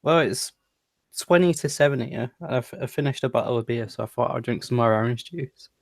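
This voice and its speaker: A British man with a gravelly voice drops wry, laid-back remarks into a casual call. His sound is dry, with no room in it. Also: mid-range voice, a little fast, no room sound. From Britain. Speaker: hangout participant. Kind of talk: casual chat on an online call.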